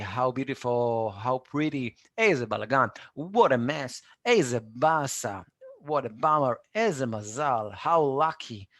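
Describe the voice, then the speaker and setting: Male tutor, patient drilling style, gravelly tone, dead-dry room. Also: mid-range voice, fairly bright tone. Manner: patient, repeats phrases for students to echo. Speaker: Hebrew teacher. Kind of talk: live online language lesson.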